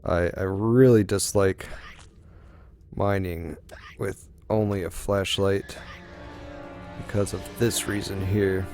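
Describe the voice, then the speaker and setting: A man's voice: deep voice, fairly even intonation, slow pace, long pauses, darkish tone, faint music behind. A young man giving rambling let's-play commentary, musing aloud with lots of ums as he plays. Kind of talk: gaming commentary.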